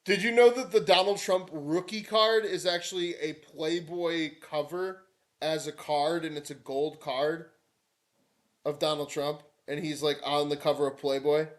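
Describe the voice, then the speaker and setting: A man's voice: on the high side, steady tone, a little slow. A man live-streaming political commentary, irreverent and mocking, breaking into whiny put-on voices.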